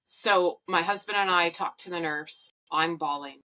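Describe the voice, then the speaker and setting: A woman's voice: fairly low pitch, a little slow, sharp tone, rough recording. A woman hosting a podcast, telling a personal story in a chatty, rambling, candid way. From Canada. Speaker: podcast host.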